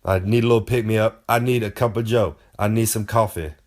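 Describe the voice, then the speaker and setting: A man's voice: on the low side, steady tone, brisk. Man, boastful, folksy, rambling, third-person brag, comic monologue. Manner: brags and talks about himself in the third person. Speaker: wrestler giving comic advice.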